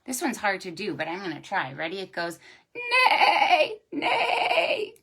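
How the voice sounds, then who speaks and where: A young woman, a children's librarian, reading a picture book aloud to preschoolers in a slow, animated, sing-song way. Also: fairly low pitch, breathy edge.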